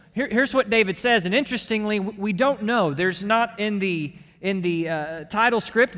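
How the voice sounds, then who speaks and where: Male pastor, high bright voice, impassioned sermon delivery, reverberant church hall. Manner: impassioned preaching, rising when voicing the psalmist's cry. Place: church sanctuary.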